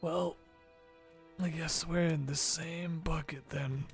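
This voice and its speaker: A man doing a hushed, resigned prisoner. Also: on the high side, slow, creaky, faint music behind, pitched above the performer's own voice. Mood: bleak. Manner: hushed, half-whispered, flat and fatalistic. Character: weary captive man, resigned and bleak.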